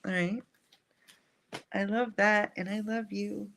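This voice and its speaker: A woman hosting a live angel card reading, speaking in a gentle, soothing and affirming way. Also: medium pitch, fairly even intonation, slow, vocal fry, a little hiss or hum. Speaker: angel card reader and live stream host.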